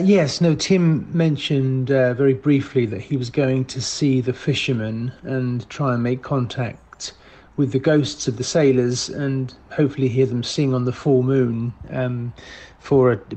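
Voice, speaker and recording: A man leaving rambling, polite voicemail messages in a deadpan comedy, full of hesitant fillers. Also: medium pitch, poor audio.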